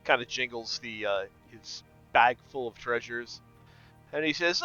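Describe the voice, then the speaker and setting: A man's voice: medium pitch, unhurried, bright, forceful tone, dry recording, lo-fi sound, soft background music. A man narrating a tabletop game as game master in a casual, laughing way.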